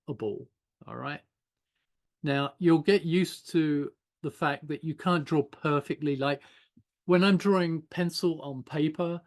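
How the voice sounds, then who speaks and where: A man's voice: fairly high pitch, darkish tone. An older man giving an informal online animation class, chatting loosely while he draws and thinks aloud. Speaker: animation teacher.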